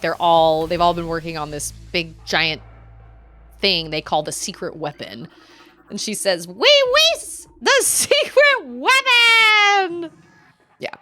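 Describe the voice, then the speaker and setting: A woman's voice: mid-range voice, a bit bright. A woman streaming a game, chatting casually and animatedly, laughing often and gasping at surprises. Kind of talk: casual gameplay chat.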